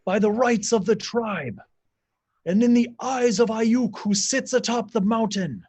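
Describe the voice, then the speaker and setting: A man voicing a stern old male shaman of a giant tribe, speaking in slow, grave proclamations. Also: high-pitched, a little mellow, husky, pitched above the performer's own voice. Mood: proclaiming.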